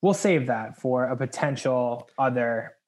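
A young man co-hosting a podcast, telling a work story in casual chat, animated and laughing, acting out the voices of the people in it. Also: medium pitch, a little slow. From United States. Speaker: podcast co-host.

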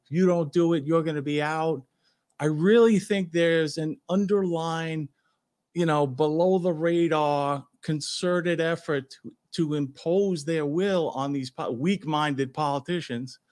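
A man's voice: a little high, steady tone, unhurried, a little mellow. A man with a New York accent, a retired police officer co-hosting a talk show, speaking in an emphatic, opinionated way. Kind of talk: casual talk show chat.

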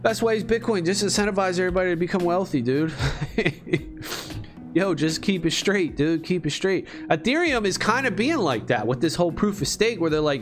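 A man with a fairly high voice rants in a loose, rambling way, swearing freely and hammering his points home. Faint music plays behind him. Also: expressive, moderate pace. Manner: profane, rambling, emphatic. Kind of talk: casual rant.

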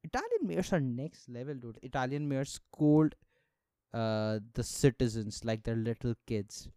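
A young man rants through his solo podcast, sarcastic and full of swearing, laughing as he goes. His voice is mellow and smooth, recorded dry and close. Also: medium pitch, very animated, a little slow, dry recording. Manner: sarcastic, profane, laughs often. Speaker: podcast host. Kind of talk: casual solo podcast rant.

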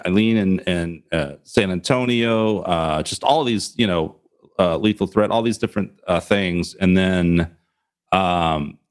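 A man hosting a casual podcast chat, rambling with lots of fillers. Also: lowish voice.

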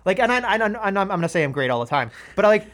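A man in casual podcast chat about wrestling, animated and acting out quoted voices. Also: high voice, racing.

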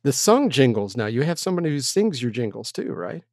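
A man's voice: mid-range voice, very animated, fairly quick, a little mellow, no echo, studio quality. A man hosting an interview, chatting in a rambling, self-deprecating way with lots of restarts. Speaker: podcast host. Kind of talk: casual interview chat.

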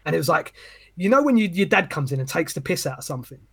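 Husky, sweary man ranting. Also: fairly high pitch, sing-song, quick pace. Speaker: podcast co-host. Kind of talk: casual chat.

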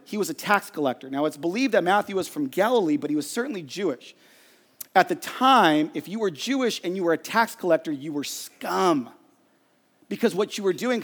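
A man gives a sermon in a conversational way, acting out quotes and stories as he goes. His voice sits high for a man. The sound carries a long reverb, as in a church hall. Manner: animated, conversational preaching with acted-out quotes. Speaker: pastor.

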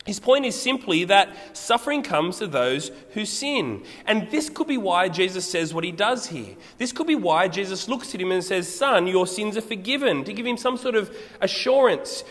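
A man preaching a sermon, explaining scripture in an animated way and putting rhetorical questions to his listeners. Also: high-pitched, moderate pace. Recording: long reverb of a hall.

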